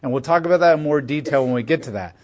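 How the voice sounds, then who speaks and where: Lively, conversational male Bible teacher. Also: on the high side, racing. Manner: conversational, explaining with playful voiced asides.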